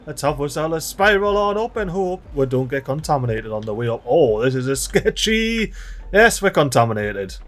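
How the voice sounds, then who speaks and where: A man with a Geordie accent giving excitable, slangy, mildly sweary commentary as he plays a game. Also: a little high, moderate pace. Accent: Geordie, North East England. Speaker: let's play host. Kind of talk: gameplay commentary.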